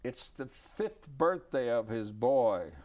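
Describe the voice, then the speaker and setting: An older man telling a personal anecdote in a lively, animated way, dropping low for his asides. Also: slow, crowd noise. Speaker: storyteller. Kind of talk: anecdotal storytelling.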